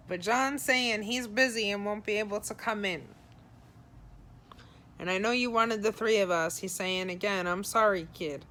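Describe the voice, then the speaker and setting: A woman's voice: mid-range voice, fairly even intonation, a little slow, bright, forceful tone. A woman, a psychic medium, giving a live reading. She relays spirit messages in the first person in a casual, direct, frank advising way.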